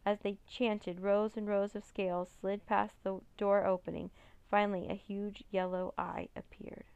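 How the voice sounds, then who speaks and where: A woman reading a children's chapter book aloud in an expressive storytelling manner. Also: mid-range voice, unhurried, gravelly, smooth, no room sound, dull audio. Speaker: reader.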